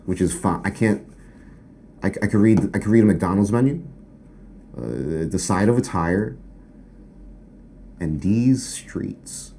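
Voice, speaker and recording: A man doing a rambling sketch comedy monologue, halting and trailing off, with sudden loud outbursts. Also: fairly low pitch, slight background noise.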